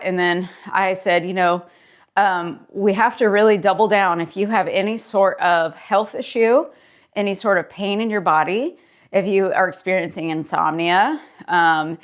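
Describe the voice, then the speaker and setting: A woman therapist talking casually to camera in a daily vlog, relaxed and chatty with filler words. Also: mid-range voice. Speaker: therapist and daily video creator.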